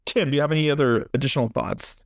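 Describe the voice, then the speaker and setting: A man co-hosting a horror podcast, chatting casually and reading a listener story aloud with theatrical pauses and jokey asides. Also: mid-range voice, creaky, dry recording, clean studio sound. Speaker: podcast co-host.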